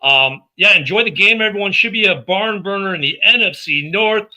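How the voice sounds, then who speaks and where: A man hosting a sports podcast in a loose, joking way. His voice is very bright and sits a little high. He keeps things upbeat while plugging the show. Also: expressive, normal speed, poor audio. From Minnesota. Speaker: podcast host. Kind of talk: casual sports chat.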